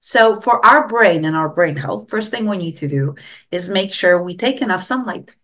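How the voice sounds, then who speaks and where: A woman's voice: medium pitch, expressive, normal speed, fairly bright tone. A middle-aged woman speaking as a guest expert in an interview, explaining things earnestly and stressing her key advice.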